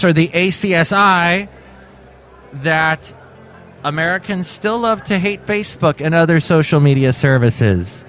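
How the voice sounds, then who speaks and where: Comedy podcast host: a man with a fairly high voice, jokey, music behind him. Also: normal speed, fairly bright tone. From California. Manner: jokey, playful delivery.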